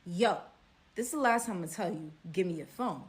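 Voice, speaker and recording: A woman voicing a young male criminal who issues clipped, low threats. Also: expressive, brisk, lightly acted. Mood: menacing.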